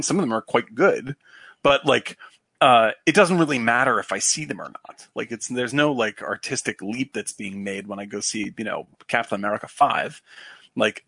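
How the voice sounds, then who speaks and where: A man's voice: mid-range voice, pushed and bright, no echo. Brief: man, podcast co-host, rambling and profane, dry close sound. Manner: rambling, profane, many fillers and restarts. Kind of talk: casual chat.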